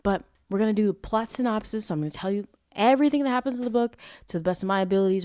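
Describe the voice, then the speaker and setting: A woman's voice: mid-range voice, fast, darkish tone, no echo, studio quality. A young woman hosting a podcast, reviewing a novel in a rambling, self-interrupting way with frequent swearing. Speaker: podcast host. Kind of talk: casual book review monologue.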